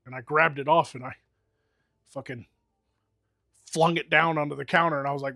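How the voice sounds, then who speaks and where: A man's voice: on the high side, normal speed, pauses often, bright, forceful tone, no room sound, studio quality. An American man streaming and chatting casually, telling rambling, profane stories with lots of fillers. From United States. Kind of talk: casual chat.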